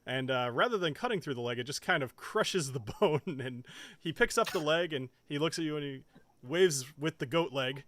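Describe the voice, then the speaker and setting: Lively, bright-voiced male game master. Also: a little high, moderate pace. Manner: laughs often while narrating. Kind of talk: narrating a tabletop game.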